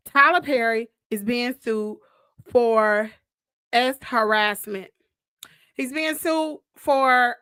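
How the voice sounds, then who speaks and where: Woman hosting a live stream, high and bright, chatty and emphatic, calls the viewers girl. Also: no echo, clean studio sound. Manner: chatty, addresses viewers directly and calls them girl and y'all; drawn-out exclamations and emphatic repeats. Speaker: host of a live gossip stream. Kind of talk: casual live-stream chat.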